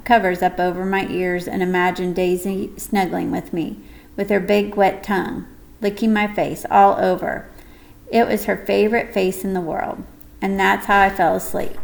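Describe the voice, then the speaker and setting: A woman reading a first-person audiobook story in a gentle, measured way. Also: medium pitch, vocal fry, poor audio. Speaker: audiobook narrator.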